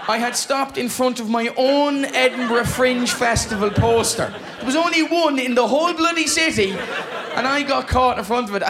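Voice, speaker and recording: An Irish man doing a stand-up comedy routine on stage, telling a story with quick, punchy delivery and acting out the exchanges. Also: extremely high pitch, fairly bright tone, slight background noise. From Ireland. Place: comedy stage before a live audience.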